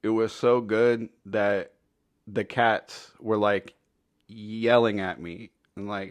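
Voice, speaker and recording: A man's voice: on the low side, fairly even intonation, takes it slowly, clean tone, dry recording. A man telling a funny story in a casual, rambling, foul-mouthed way. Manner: laid-back, profane, rambling. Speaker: storytelling commentator.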